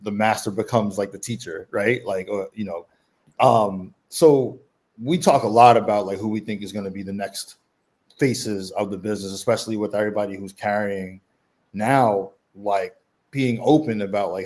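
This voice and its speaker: A man co-hosting a podcast, asking interview questions in a halting way, full of fillers. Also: lowish voice, darkish tone. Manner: halting, fills his speech with "like". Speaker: podcast co-host.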